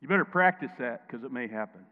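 A man preaching a sermon as pastor, emphatic, dropping quiet and then rising loud, and calling on listeners to answer back. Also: mid-range voice, lively intonation, fast talker. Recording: tinny phone-like sound, long hall echo.

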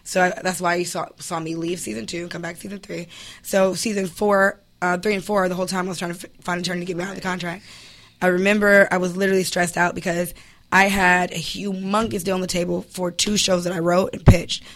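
A woman's voice: on the low side, little pitch movement, a bit bright. A woman in her thirties, a guest in a casual interview, telling her story candidly and with emphasis. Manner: candid, emphatic, quick to laugh.

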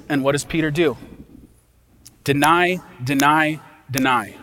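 A pastor delivering an impassioned sermon in a folksy, casual way, swinging from loud emphasis to hushed quiet. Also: male voice, on the high side, measured pace, pauses often.

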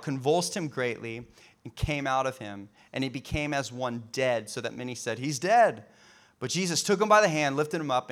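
A man preaching a sermon, reading scripture aloud and then riffing on it in a casual, animated way, with laughter and many fillers. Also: medium pitch. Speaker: pastor.

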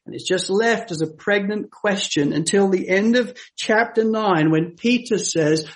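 High-voiced male preacher, dramatic delivery. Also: measured pace. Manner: dramatic, swings from hushed to emphatic when quoting scripture. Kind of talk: sermon.

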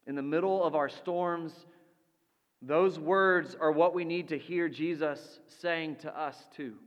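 A man preaching a sermon as pastor, slow and deliberate, letting his voice drop soft for quoted lines. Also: a little high, dull audio. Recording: long reverb of a large hall.

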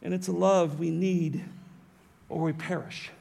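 A high-pitched man, middle-aged, preaches from the pulpit in an earnest tone. He explains scripture with steady conviction, often stopping to correct himself and restart a phrase. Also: measured pace, gravelly, slight background noise. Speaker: pastor. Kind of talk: sermon.

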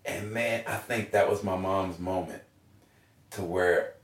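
A man in his forties, originally from Oklahoma, telling candid personal stories as a guest, animated, swearing freely and laughing often. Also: sits low, unhurried. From Oklahoma, USA. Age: 40s. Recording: roomy echo, mic at a distance.

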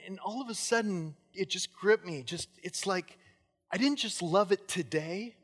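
A man's voice: high-pitched, slightly rough. Earnest preaching man in reverberant church. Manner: earnest and storytelling. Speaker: pastor. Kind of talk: sermon with personal stories. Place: church sanctuary.

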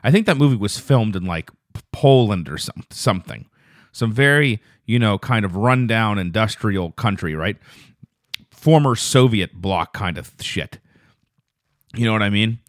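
Low-voiced man ranting through a story. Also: expressive, no room sound, studio quality. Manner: rambling, profane storytelling; grows loud and fast when indignant. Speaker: podcast host. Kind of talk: casual solo podcast monologue.

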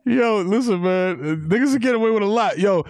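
A man from New York talks in animated comedic podcast banter. His voice sits high, and the recording is dry and close. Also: fairly quick, no echo. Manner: animated, says yo a lot. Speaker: podcast co-host.

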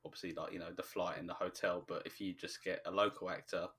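A man's voice: deep voice, steady tone, fast, fairly bright tone, breathy edge. A man, from near London, co-hosting a casual podcast chat and hesitating often. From from just outside London, England. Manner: hesitant, many ums and restarts. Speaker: podcast co-host. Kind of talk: casual chat about a TV show.

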